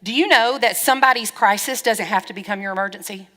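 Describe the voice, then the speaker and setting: A middle-aged woman pastor preaching a sermon, frank and lively, acting out bits of dialogue as she goes. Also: mid-range voice, fast talker. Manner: lively, frank, wry storytelling with quoted dialogue. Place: church hall. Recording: long church-hall reverb.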